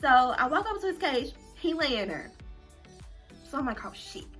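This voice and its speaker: A young woman vlogger with a bright, fairly high voice tells a story to her viewers in a casual, animated way. She talks straight to the audience and plays up every dramatic moment. Faint music runs quietly behind her. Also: normal speed.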